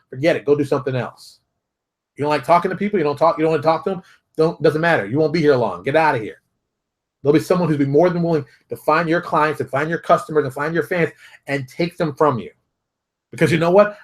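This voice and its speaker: A man hosting his own show, talking straight to viewers in a fired-up, preachy rant full of rapid rhetorical questions. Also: mid-range voice. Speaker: show host. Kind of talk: animated solo commentary.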